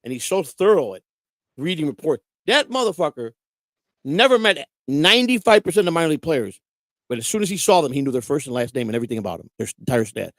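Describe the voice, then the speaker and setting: Fast-talking, profane man telling stories. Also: on the high side, very animated, a bit bright, no echo. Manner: profane, repetitive, rambling. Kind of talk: casual storytelling.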